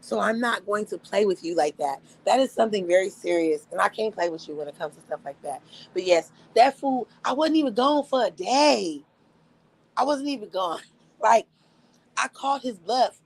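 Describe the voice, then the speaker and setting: A woman's voice: mid-range voice, moderate pace, poor audio. A young woman hosting a livestream, telling a story casually, with frequent laughter, profanity. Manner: animated, profane, laughs often. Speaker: livestream host.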